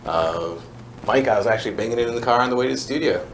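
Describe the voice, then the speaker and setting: A man hosts a casual radio chat, his voice sitting at an ordinary middle pitch. He talks in a loose, easygoing way, padding his questions with "uh" and "you know." Clear noise hums behind him in the studio. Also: quick pace. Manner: relaxed, filler-heavy questioning. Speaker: radio show host.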